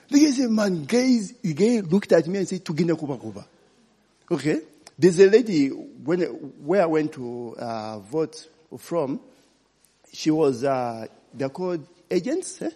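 A man's voice: a little high, warm tone, slightly rough. A man preaching an informal sermon, often checking in with "eh?" and "okay?". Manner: chatty, frequent "eh?" and "okay?" check-ins. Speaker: pastor. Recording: long hall reverb.

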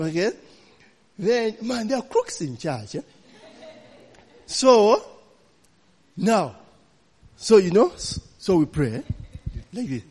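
Male preacher, a touch high-pitched, loose and laughing as he tells stories to the congregation, church hall with reverb. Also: big pitch swings, takes it slowly, pauses often, darkish tone, breathy edge. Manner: chatty, laughing, peppers lines with "you know, eh?". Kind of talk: storytelling sermon.

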